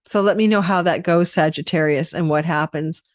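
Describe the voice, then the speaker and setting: A woman's voice: on the low side, moderate pace, dry recording, clean studio sound. A tired woman astrologer giving a rambling, chatty forecast and running through lists of possibilities. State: tired, yawning.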